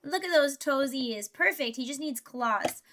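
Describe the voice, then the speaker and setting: A woman's voice: high-pitched, expressive, unhurried, fairly bright tone. A young woman VTuber chatting playfully with her live chat while she builds a Lego set. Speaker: VTuber streamer.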